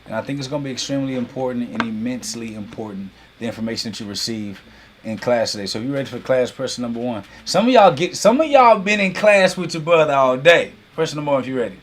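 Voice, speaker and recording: A man opens a live online class with easygoing chatter. He ribs viewers in the chat and builds excitement for the lesson in a relaxed, animated delivery that keeps slipping into friendly teasing. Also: mid-range voice, quick pace, a little hiss or hum. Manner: playful teasing banter with chat; animated hype, heavy use of y'all. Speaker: host and business coach. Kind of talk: casual livestream class intro.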